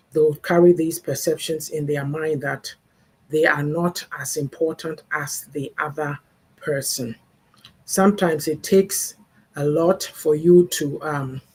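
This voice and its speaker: Older woman, host of a live faith talk, husky, earnest and advising. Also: sits low, a little mellow. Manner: earnest, advising, acts out parents' sayings. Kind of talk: livestream talk on family and faith.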